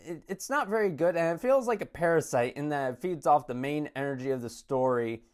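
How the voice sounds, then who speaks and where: A man's voice: a little high, brisk, clear, resonant tone. A man giving a casual spoken film review, rambling with many fillers and restarts. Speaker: movie reviewer.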